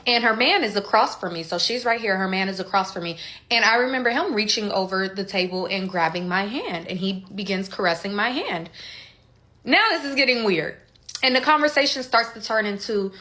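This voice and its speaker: A woman's voice: medium pitch, a little fast, bright, forceful tone. A young woman casually telling a personal story, candid and conversational, acting out quoted dialogue as she goes.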